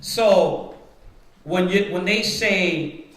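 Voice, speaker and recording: A man with a high voice leads a Bible study at an unhurried pace. He explains his points step by step and keeps turning to his listeners to make sure they follow. The sound is roomy, with plenty of echo. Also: fairly bright tone. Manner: rhetorical, repeatedly checks with "right?". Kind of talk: teaching Bible study to a congregation. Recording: roomy echoing room.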